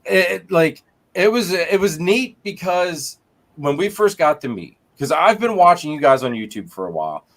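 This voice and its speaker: A man's voice: a little high, moderate pace. A man hosting a casual live-stream chat, joking and laughing as he talks. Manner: animated, joking, lots of laughter. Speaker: podcast host.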